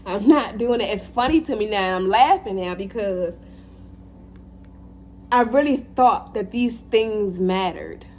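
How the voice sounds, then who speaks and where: Woman vlogger, animated motivational talk, repeats lines for emphasis, faint hum behind. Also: mid-range voice, a little slow. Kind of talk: casual motivational talk to camera.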